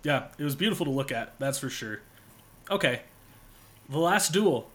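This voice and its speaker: A man's voice: medium pitch, lively intonation, moderate pace. A man hosting a casual film podcast, easygoing and agreeable as he chats with his guest. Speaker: podcast host.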